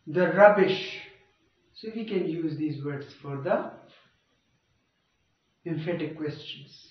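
Slow-talking man lecturing in an echoey room. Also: fairly high pitch. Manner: checks understanding with frequent rhetorical prompts. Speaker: grammar lecturer. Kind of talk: classroom lecture. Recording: echoey, dull room sound from far off.

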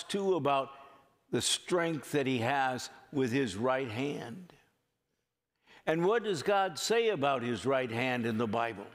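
A man preaching a sermon as pastor, speaking earnestly and drawing out phrases for emphasis. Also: medium pitch. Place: church sanctuary. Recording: long hall reverb.

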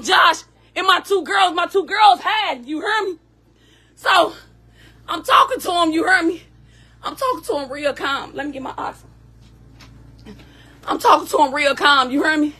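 A woman's voice: extremely high pitch, bright, forceful tone. A woman from the States, telling an emotional personal story and emphatically asking "you hear me?" as she goes. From Southern United States.

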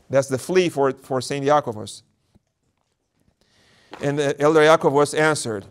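Male priest, fairly high voice, preaching a sermon, repeats words as he goes. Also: moderate pace, pauses often. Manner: repeats words while working through a thought. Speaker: Orthodox priest.

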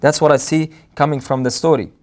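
A man's voice: a little high, steady tone, brisk. A man preaching a sermon in an earnest, emphatic way, repeating phrases for weight.

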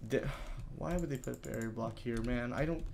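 A man giving live gameplay commentary, talking to himself in frustrated, excitable bursts with many restarts. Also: medium pitch, fairly quick, creaky, a little hiss or hum. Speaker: gaming YouTuber.

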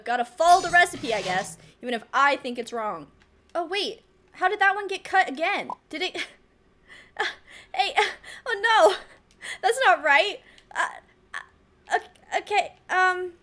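High-voiced flustered woman gaming. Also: a bit bright. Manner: flustered, self-mocking, laughs often. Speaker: let's play gamer. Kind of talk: casual gameplay commentary.

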